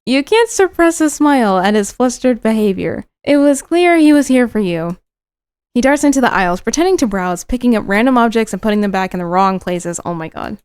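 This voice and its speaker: A woman's voice: on the high side, lively intonation, a little fast, darkish tone, smooth, no echo. A young woman streamer reading a visual novel aloud and breaking off into giggly, teasing asides.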